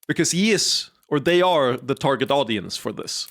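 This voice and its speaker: A man's voice: mid-range voice, expressive, moderate pace, hardly any pauses, a bit bright. A man streaming a story game, talking in a rambling, profane, casual way. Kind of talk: live-stream game commentary.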